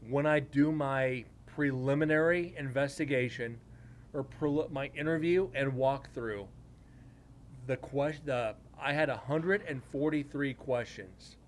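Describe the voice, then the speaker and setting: A man telling a story from one of his paranormal investigations to his live chat, rambling and casual. His pitch sits in the everyday middle for a man, and he drifts into crude jokes aimed at the viewers. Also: a little slow, a little hiss or hum.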